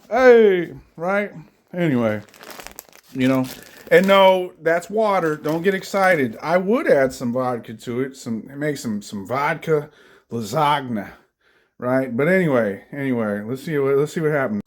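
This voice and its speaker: A man's voice: on the high side, expressive, moderate pace. Rambling, swearing man cooking at home. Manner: rambling, profane, joking asides to the camera. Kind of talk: casual cooking vlog. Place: home kitchen.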